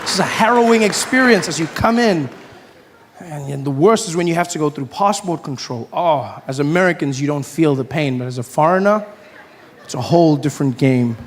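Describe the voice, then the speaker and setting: A man performing a stand-up comedy routine, talking animatedly and acting out characters with big shouted voices. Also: on the high side, lively intonation, brisk, slight background noise. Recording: live stage recording with crowd. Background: audience laughter.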